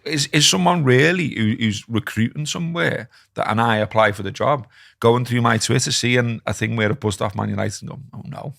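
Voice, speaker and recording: A middle-aged man, chatting on a football podcast and getting animated when he retells rows. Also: medium pitch, brisk, vocal fry, no room sound, clean studio sound. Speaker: podcast host. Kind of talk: casual chat.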